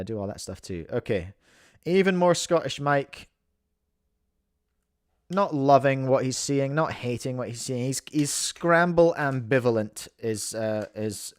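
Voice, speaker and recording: A man with a New Zealand accent calls a livestream event like a sportscaster, playful and rambling, often mocking himself. His mid-pitched voice sounds smooth and resonant. It is recorded dry and close, with no room sound. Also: no echo. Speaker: host and commentator. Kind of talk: mock sports commentary on a livestream.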